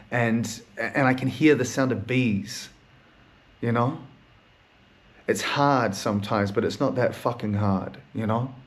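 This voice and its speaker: Melancholy swearing podcast host, rambling. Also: male voice, medium pitch. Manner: rambling, heavy swearing, laughs through sad talk. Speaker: therapist. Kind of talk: candid solo monologue.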